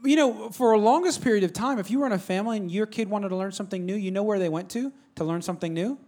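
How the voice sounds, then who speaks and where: Male pastor, slightly high voice, conversational and emphatic sermon delivery. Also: fast, darkish tone. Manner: repetitive, emphatic, conversational, calls to the congregation.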